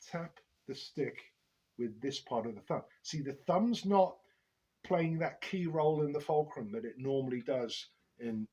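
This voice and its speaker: Man calmly explaining drum technique. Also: on the high side, low-quality recording. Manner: measured, explanatory, with frequent filler "uh". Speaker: drum teacher. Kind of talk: instructional drum lesson.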